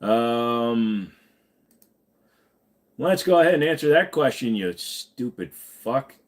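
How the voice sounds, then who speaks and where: Tired 40s guy rambling on a live stream, swears a lot, mid-pitched voice, reading chat and joking around. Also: expressive, slow. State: tired after hours of streaming.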